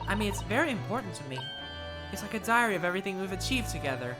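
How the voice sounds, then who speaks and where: A woman's voice: medium pitch, very animated, rapid-fire, voice pushed up, close to an everyday voice. A woman voicing a polite, formal young female legal assistant while reading a game aloud. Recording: game music playing behind.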